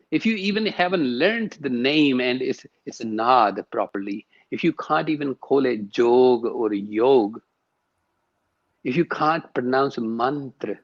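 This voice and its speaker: The man being interviewed is a yoga and sound teacher who talks with emphasis, leaning on repeated words to underline what he means. His pitch is medium, and the recording lacks high frequencies.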